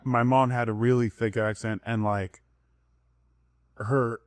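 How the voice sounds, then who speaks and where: A man's voice: mid-range voice, dry recording. Chill guy cohosting a podcast, mid voice, explains stuff at length, dry close mic. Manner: relaxed, explains at length, slows down for mock broken English. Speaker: podcast co-host. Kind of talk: casual chat.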